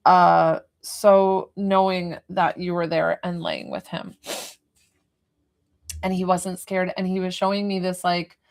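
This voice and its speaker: A woman's voice: on the low side, slow, gravelly. A woman working as a psychic medium, giving a live reading in a rambling, hesitant way with many fillers and restarts. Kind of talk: live spirit reading to a viewer.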